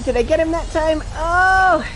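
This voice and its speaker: A woman's voice: fairly high pitch, expressive, moderate pace, over music. A woman streaming a video game with casual, playful commentary, laughing often.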